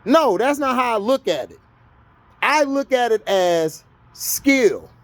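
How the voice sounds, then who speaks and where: Heated, high-voiced man ranting. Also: big pitch swings, slow, no echo. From Florida, US. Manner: heated, argumentative, scolding. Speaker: vlogger. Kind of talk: sports rant to camera.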